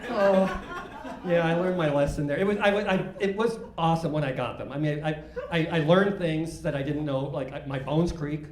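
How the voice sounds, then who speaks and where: A man's voice: a little high, brisk, few pauses, reverberant. An older man doing a stand-up comedy set, rambling and self-mocking, with many false starts.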